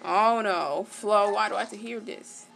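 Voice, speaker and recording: A woman giving casual let's-play commentary, excitable, gasping and exclaiming at the game. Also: mid-range voice, normal speed, vocal fry, faint music behind. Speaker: gaming channel host.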